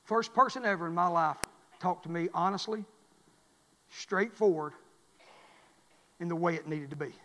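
High-voiced preaching man in reverberant church. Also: normal speed, pauses often, slight background noise. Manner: repetitive, building to loud shouted climaxes. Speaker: pastor. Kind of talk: sermon. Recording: long reverb of a church hall.

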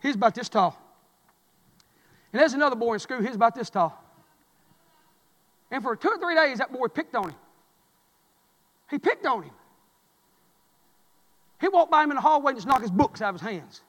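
A man preaching a sermon, telling folksy stories and swinging from loud cries to low murmurs. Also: animated, a little fast, long pauses, long reverb tail.

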